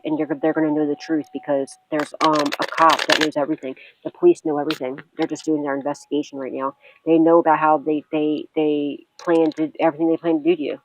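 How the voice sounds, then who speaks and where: A woman's voice: low voice, noisy background. Blunt, swearing woman tarot reader. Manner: blunt and profane, with frequent laughs and repeated reassurances. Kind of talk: tarot reading monologue to viewers.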